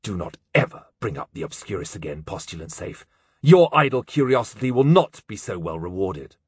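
A man's voice: on the high side, big pitch swings, normal speed, husky, dry recording, clean studio sound, pitched above the performer's own voice. A man voicing a cold, imperious old scholar. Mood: menacing. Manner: clipped, cutting and imperious. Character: stern, cold older male scholar and teacher. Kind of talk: audiobook character voice.

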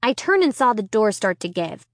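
A woman narrating a children's chapter book in the first person, with tense, expressive reading. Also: mid-range voice, moderate pace, dry recording, studio quality. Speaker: audiobook narrator.

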